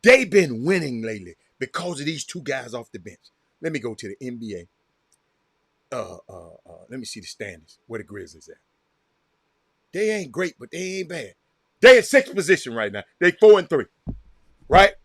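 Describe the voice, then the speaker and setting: A man with a Southern American accent hosting a casual livestream, reacting loudly to a game and calling out viewers by name. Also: mid-range voice, normal speed, long pauses, no room sound, clean studio sound. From Texas. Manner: excitable, reacts loudly to a game while chatting; addresses viewers by name, repeats himself. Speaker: livestream host. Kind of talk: casual chat with live viewers.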